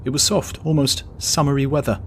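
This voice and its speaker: A man reading a travel story aloud as an audiobook narrator, measured and steady. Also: mid-range voice, a little hiss or hum. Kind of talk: scripted narration.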